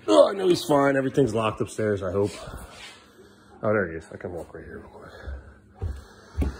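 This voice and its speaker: A man's voice: lively intonation, fairly quick, pauses often, darkish tone, slight background noise. A middle-aged man filming a casual family vlog at home, talking to the camera and firmly scolding his young sons. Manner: scolding his kids, often rising to a higher firm voice. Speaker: father and vlogger. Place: at home indoors.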